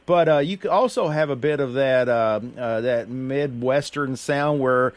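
Male radio host, mid-pitched voice, easygoing and chatty with callers. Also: a little slow, no echo. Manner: chatty, laughs easily, says "I tell you what". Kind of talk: morning radio show chat.

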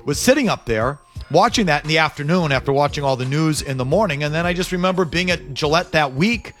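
A man's voice: on the high side, expressive, fast, fairly bright tone, soft background music. A man chatting casually on a radio talk show, opinionated and full of restarts. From USA.

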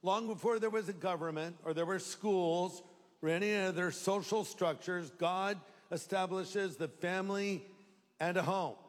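A man's voice: high voice, measured pace. A man preaching a live sermon in a conversational, humorous way. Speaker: pastor. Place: large church hall. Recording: long reverb of a large hall.

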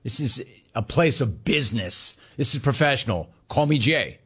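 Guy doing his strict old dad, gruff and firm, kinda low and quiet, all business. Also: lively intonation, moderate pace. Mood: stern. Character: stern older father, a no-nonsense boss.

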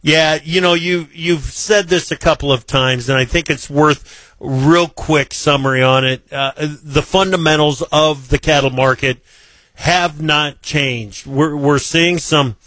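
A man hosts an interview with a bright, sharp voice and a higher pitch. He keeps things brisk and friendly. He is recorded dry and close, with faint music underneath. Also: steady tone, dry recording. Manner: brisk, friendly, joking asides. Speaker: host. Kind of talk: casual interview hosting.

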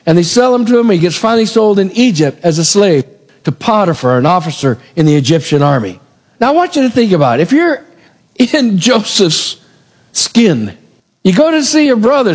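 Animated male preacher in a reverberant hall. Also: sits high, fairly quick. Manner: animated storytelling, acting out characters' lines. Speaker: pastor. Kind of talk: sermon retelling scripture.

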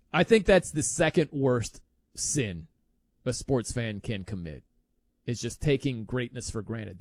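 Speaking in a fairly high, slightly mellow voice with no room sound, a man hosts a sports talk show. His animated monologue is emphatic and incredulous, full of laughter and impressions of others.

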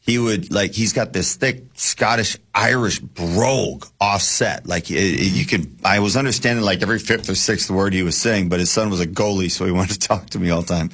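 A man's voice: deep voice, brisk, few pauses, a bit bright, slightly rough. A man co-hosting a casual chat, telling a rambling anecdote. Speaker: podcast co-host. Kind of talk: casual storytelling.

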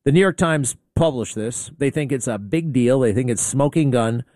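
A man's voice: mid-range voice, moderate pace, darkish tone, dry recording, clean studio sound. A man hosting a talk radio show, rambling through an opinionated monologue with sarcasm and indignation.

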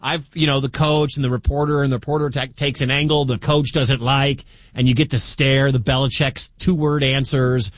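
A man's voice: medium pitch, level tone, normal speed, no room sound. A middle-aged man from the American Midwest hosting sports talk radio, chatty and incredulous.

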